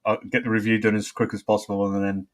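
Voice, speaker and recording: A man's voice: lowish voice, level tone, fast. A middle-aged man hosting a casual chat, easygoing and hesitant, with frequent uhs. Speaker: host.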